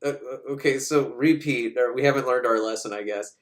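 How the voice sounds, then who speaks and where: A man giving a casual, profane, sarcastic comedic recap of a movie, acting out the characters in quick voices. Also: mid-range voice.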